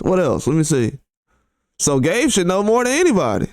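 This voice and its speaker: A man's voice: high voice, wildly swooping pitch, normal speed, dry recording, clean studio sound. A man hosting a boxing commentary channel who reacts to tweets in a blunt, casual way, full of slang and rhetorical questions, his voice often jumping up in disbelief.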